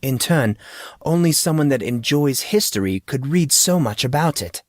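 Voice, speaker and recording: A man's voice: medium pitch, lively intonation, moderate pace, no echo, clean studio sound, voice pushed up, lightly acted. A man reading audiobook dialogue as a formal, courteous male history teacher who speaks precisely and is amused. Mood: explaining.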